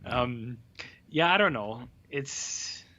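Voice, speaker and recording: A man's voice: mid-range voice, expressive, drawn-out words, sharp tone, muffled recording. A man co-hosting a podcast, rambling and sweary as he sarcastically reviews a film in casual chat. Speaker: podcast co-host.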